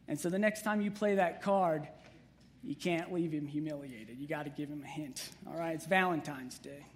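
A man preaches a conversational sermon. His voice sits high for a man. He jokes with the congregation and keeps the tone relaxed. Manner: conversational, humorous, with playful asides to the congregation. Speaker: pastor.

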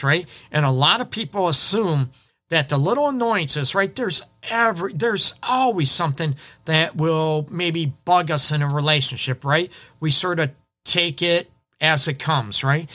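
A man's voice: on the high side, sharp tone. A man hosting a relationship advice show, talking casually and often checking in with "right?". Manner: chatty, repeats "right?", acts out little quotes. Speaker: relationship counselor and show host.

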